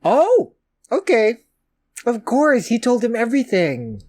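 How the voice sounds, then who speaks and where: A man giving casual, expressive commentary while watching a movie for the first time, swearing and laughing along. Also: extremely high pitch, slow. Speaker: movie reactor. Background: film audio playing faintly.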